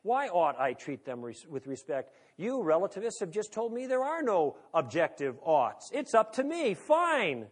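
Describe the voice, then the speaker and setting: High-pitched male speaker, chatty and wry, lecturing a live crowd. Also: big pitch swings, moderate pace, few pauses. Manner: conversational, humorous, rhetorical questions. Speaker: speaker on moral philosophy. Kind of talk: lecture to an audience.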